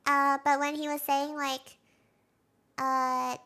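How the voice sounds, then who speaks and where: A woman streamer chatting casually through a TV recap, giggly and excitable, with frequent laughs and fillers. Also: high-pitched, slow. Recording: live stream with faint music.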